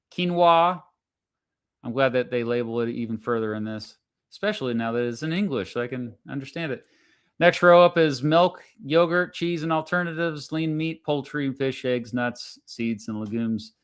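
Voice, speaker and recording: A man's voice: mid-range voice, a bit bright. A man hosting a casual live stream, chatting with viewers and joking as he goes over food charts. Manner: chatty, jokey, talks to chat. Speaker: livestream host.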